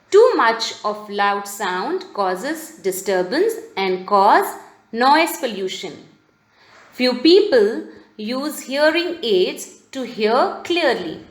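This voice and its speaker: A woman teacher giving a recorded video lesson for children, speaking slowly and spelling words out letter by letter. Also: a little high. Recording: roomy echo.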